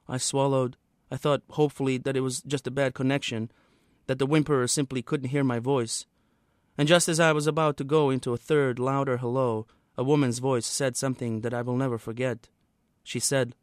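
A man, the author, reading a passage from his own novel aloud in a steady, measured way. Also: medium pitch, dry recording, clean studio sound.

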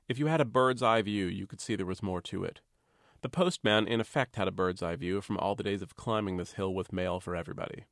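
A man, the author, reading a chapter of his novel aloud in a measured, wry, understated way. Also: fairly low pitch, a bit bright, no echo, studio quality. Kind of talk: literary reading.

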